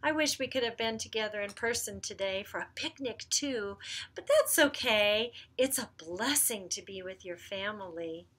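A woman leading a church children's message, speaking gently and slowly to young kids as she tells a story and prays. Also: medium pitch, expressive.

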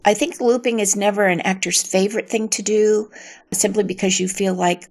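An older actress in an interview, telling anecdotes in a reflective, storytelling way with a gravelly voice. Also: female voice, medium pitch, steady tone, moderate pace, a little mellow.

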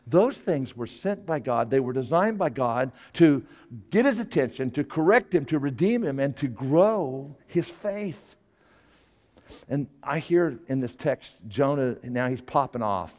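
A man's voice: medium pitch, lively intonation, measured pace. Man preaching with hall reverb. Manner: conversational preaching that builds to forceful emphasis. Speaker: pastor. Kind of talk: sermon.

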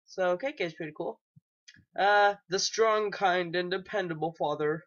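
A man's voice: sits high, normal speed, fairly bright tone. Hesitant rambling young gamer guy. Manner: hesitant, rambling, many ums and restarts. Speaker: gaming YouTuber. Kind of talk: casual let's play commentary. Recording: dull lo-fi home mic.

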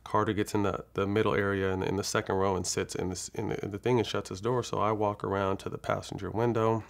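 A man's voice: lowish voice, little pitch movement, quick pace, gravelly. A man from California, a guest in an interview, telling a long personal story frankly and with profanity, acting out the dialogue as he goes. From California, USA. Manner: rambling, with frequent restarts.

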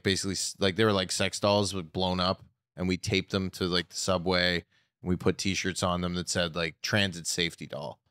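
A man's voice: low voice, fairly bright tone, clear, resonant tone, dry recording, studio quality. A comedian guest on a podcast, a man chatting candidly in long, rambling anecdotes full of fillers. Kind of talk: casual podcast chat.

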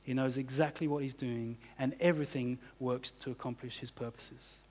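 A man's voice: mid-range voice, steady tone, moderate pace, a little mellow. Conversational man preaching in a reverberant church. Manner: conversational, many "you know" and "kind of" fillers. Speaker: pastor. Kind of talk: sermon. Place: church hall.

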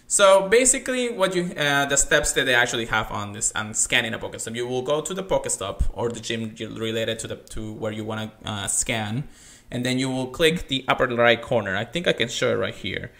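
A man co-hosting a casual gaming podcast, chatty and rambling with lots of fillers and restarts, sometimes reading text aloud in a careful flat way. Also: medium pitch, a little fast, creaky. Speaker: podcast co-host.

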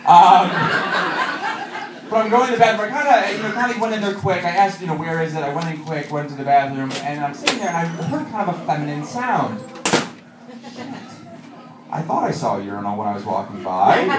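A man doing a stand-up set, telling self-mocking stories with lively shouted punchlines before a live audience. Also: high-pitched, fairly quick, very noisy. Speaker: stand-up comedian. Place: comedy club stage with audience. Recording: roomy, distant live club recording.

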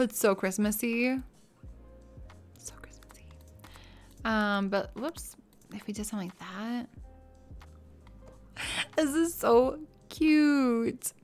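A woman streamer talks casually while she plays, recorded on a desk microphone in her own room at home. Her voice sits at an everyday middle pitch for a woman. She gushes as she chats, sliding from soft murmured asides into bursts of excited squealing. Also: gravelly. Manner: gushing and chatty, drifting between soft asides and excited squeals. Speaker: game streamer. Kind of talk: casual live-stream chat while playing.

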